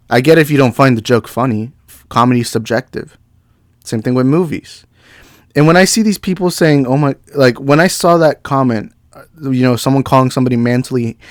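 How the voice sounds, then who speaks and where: A man's voice: medium pitch, no room sound. A young man hosting a movie podcast, delivering a fired-up, exasperated rant. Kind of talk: heated rant.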